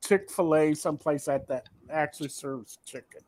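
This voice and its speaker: A man's voice: a little high, moderate pace, dry recording. A man chatting casually, giving blunt advice. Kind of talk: casual chat. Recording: loud background noise with clicks.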